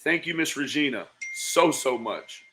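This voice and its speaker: A man's voice: medium pitch, lively intonation, a little slow, fairly bright tone, a little hiss or hum. A man hosting a livestream, reacting to a played clip with profane, mocking insults and thanking his viewers. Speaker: livestream commentator.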